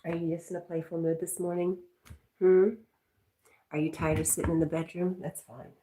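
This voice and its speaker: Her voice is fairly low and warm, delivered flatly at a moderate pace, as she hosts a casual livestream indoors at home. Chatty throughout, she reads viewers' comments aloud and talks to her pet. Picked up by a distant mic, the sound is echoey with faint noise.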